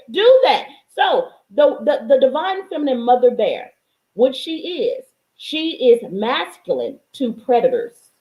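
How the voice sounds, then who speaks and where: Woman, 30s, high voice, profane and preachy motivational talker, echoey room. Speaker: motivational speaker. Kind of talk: blunt motivational talk.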